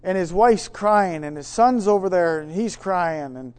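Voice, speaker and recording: A man preaching, telling a story with many restarts, swinging from hushed to loud. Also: high-pitched, unhurried, clear, resonant tone. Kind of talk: sermon storytelling.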